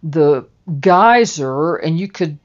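Woman putting on a tall older man, loud, drawn-out, overfamiliar, dull recording. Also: a little high, animated. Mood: eager. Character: tall older man, booming, overly familiar.

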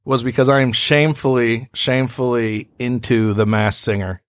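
A man co-hosting a podcast in casual chat, animated and rambling, laughing often. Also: medium pitch, normal speed, no echo, studio quality. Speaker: podcast co-host.

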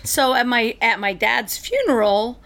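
Middle-aged lady chatting, giggly, lots of restarts, kinda high voice. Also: lively intonation, a little slow, fairly bright tone. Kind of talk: casual chat.

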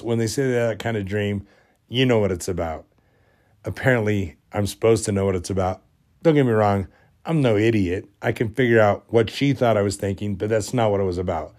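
A man's voice: on the low side, moderate pace, a little mellow. A man hosting a podcast, telling a rambling, amused story in a casual, self-deprecating way while getting over a cold. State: recovering from a cold. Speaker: podcast host.

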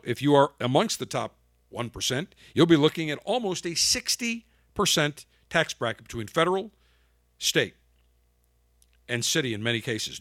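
A man's voice: mid-range voice, fairly bright tone, no echo. Emphatic man with a dry close sound. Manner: emphatic, sarcastic, fires off rhetorical questions. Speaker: talk show host. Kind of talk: political commentary monologue.

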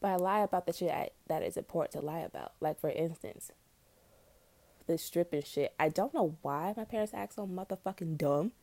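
A young woman hosting a podcast, rambling in a blunt, profane, scattered way while high. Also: fairly quick, vocal fry, mellow, no echo. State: high on weed. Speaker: podcast host. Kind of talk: casual rambling monologue.

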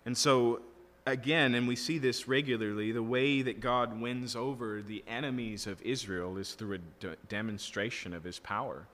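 In a big hall with long reverb, a man preaches an expository sermon in an earnest, emphatic teaching style, frequently checking in with the people listening. His voice is medium in pitch and a bit bright, with fairly even intonation and a moderate pace.

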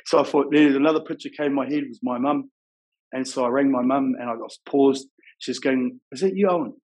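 A middle-aged man with a New Zealand accent, frankly telling his life story in casual, rough-edged talk full of "bro" and "you know what I mean". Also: mid-range voice, flat delivery, normal speed, darkish tone, low-quality recording.

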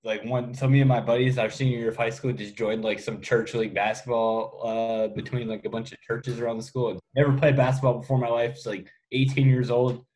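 A young man co-hosting a sports podcast, telling self-mocking stories in a relaxed, chatty way. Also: mid-range voice, brisk, hardly any pauses, poor audio. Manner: easygoing, self-mocking, laughs through stories. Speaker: podcast co-host. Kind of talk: casual sports chat.

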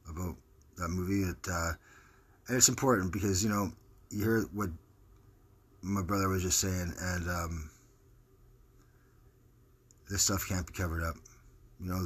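Deep husky-voiced man rambling hesitantly. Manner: rambling, hesitant, self-correcting. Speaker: homeless advocate introducing a clip. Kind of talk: casual spoken account.

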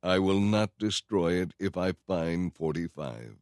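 A man voicing the Lord as a calm, measured divine judge in a storybook reading. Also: low-pitched, dry recording, studio quality. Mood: solemn.

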